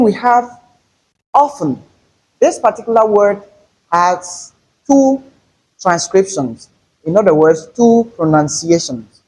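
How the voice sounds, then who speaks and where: A man teaching English pronunciation, saying each word slowly and more than once. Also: on the high side, darkish tone, breathy edge, low-quality recording. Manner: slow, deliberate, repeats each word carefully. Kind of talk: pronunciation lesson.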